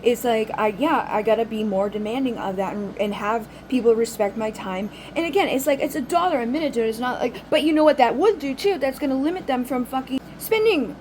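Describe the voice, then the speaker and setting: A woman with a somewhat high voice talks off the cuff to her audience of reading clients. She rambles, swears without pause and restarts her sentences over and over. A faint background hiss sits under the recording. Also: a little mellow, poor audio. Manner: rambling, frank, swears freely, many fillers and restarts. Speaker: spiritual reader and channel host. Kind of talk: casual unscripted monologue.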